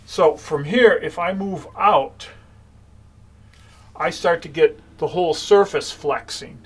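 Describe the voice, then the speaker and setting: A man giving a calm, explanatory gong lesson, talking in short phrases between strokes. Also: fairly high pitch. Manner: calm, explanatory, with many pauses while playing. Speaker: gong teacher. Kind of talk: demonstration lesson.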